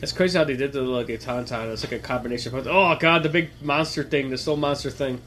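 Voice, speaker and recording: A man's voice: mid-range voice, fast talker, fairly bright tone, slight background noise. A man giving casual, chatty commentary while watching a film, thinking aloud and chewing popcorn as he talks. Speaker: movie watch-along host. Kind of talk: casual live movie commentary.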